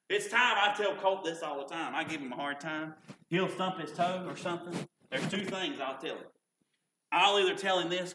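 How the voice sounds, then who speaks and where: A man preaching in a folksy, repetitive style, his voice high and bright. He leans on homespun stories. His voice rings out through an echoey church sanctuary. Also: fairly quick. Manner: folksy, repeats "can I tell you what". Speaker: pastor. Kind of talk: sermon.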